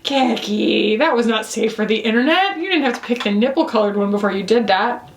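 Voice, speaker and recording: A bubbly woman chats playfully through a makeup review, her voice sitting a bit higher than most. The sound carries a roomy echo, as if recorded in a bare room. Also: fast. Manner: bubbly, playful, talks to herself while applying makeup. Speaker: beauty reviewer. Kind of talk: casual makeup review vlog.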